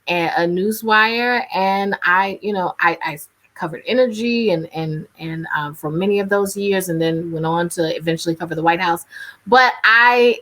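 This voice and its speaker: A woman with a North Carolina accent talks candidly on a video call. Her voice is bright and forceful. She chats freely as an interview guest, laughs easily and is in her thirties. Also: mid-range voice. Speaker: radio journalist, interview guest. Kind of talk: casual interview talk.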